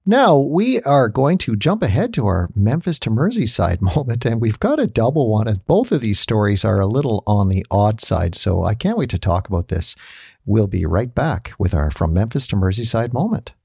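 A man co-hosting a casual music podcast, telling animated stories and laughing often. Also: on the low side, moderate pace, creaky, breathy edge, no echo, studio quality. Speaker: podcast co-host. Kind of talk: casual chat.

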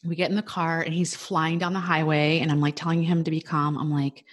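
Chatting casually, a thirtysomething woman recounts her fertility journey in a low voice, speaking with animation and readily quoting other people's words.

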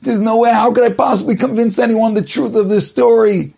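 A man's voice: very high voice, fairly even intonation, brisk, gravelly, mellow, slightly rough, voice pushed up, exaggerated voice. A man acting out a terrified Jewish merchant who pleads in a panicked, tearful voice. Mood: desperate pleading.

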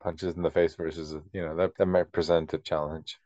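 A man co-hosting a podcast in casual chat, chatty and quick to laugh. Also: deep voice, level tone, mellow, dry recording, lo-fi sound. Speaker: podcast co-host.

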